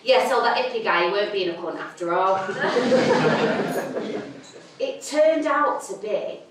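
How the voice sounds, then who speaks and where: On an echoey theatre stage, heard from a distance in a very noisy recording, a young woman from Manchester, England tells a comic story in her Mancunian accent. Her medium-pitched voice is animated and slow as she performs stand-up, blunt, sweary and self-mocking.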